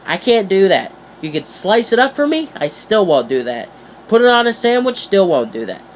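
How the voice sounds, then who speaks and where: Animated teenage boy vlogging. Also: moderate pace, a little hiss or hum. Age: teens. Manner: animated, playful, jumps pitch for emphasis. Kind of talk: casual chat to camera.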